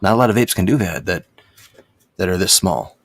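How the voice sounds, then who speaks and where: A man co-hosting a casual chat about vapes, telling stories in quick, animated bursts with frequent restarts and swearing. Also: sits low, slightly rough, no room sound, studio quality. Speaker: co-host of a cannabis vape review show.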